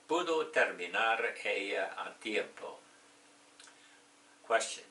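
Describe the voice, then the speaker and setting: A man teaching beginning English in slow, careful steps, switching between English and Spanish to explain. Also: fairly low pitch, creaky, pushed and bright. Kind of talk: slow bilingual lesson with jokes. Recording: echoey room, mic a bit distant.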